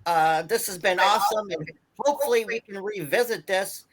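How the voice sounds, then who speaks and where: A man's voice: sits high, normal speed, a bit bright, husky. A man from the Buffalo area hosting a wrestling talk show, reading out announcements in a rambling way with many fillers. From Buffalo area, New York. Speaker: host.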